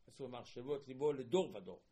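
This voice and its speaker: Husky male rabbi, medium pitch, animated rhetorical teaching style. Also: fast talker. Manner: animated, rhetorical, mixing in Hebrew recitation. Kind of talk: Torah class sermon.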